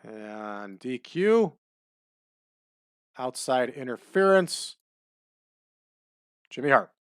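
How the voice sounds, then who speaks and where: A man giving relaxed, chatty commentary over a wrestling management game, adding trivia as he goes. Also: mid-range voice, moderate pace, pauses often, no room sound, clean studio sound. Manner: laid-back, chatty, adds wrestling trivia.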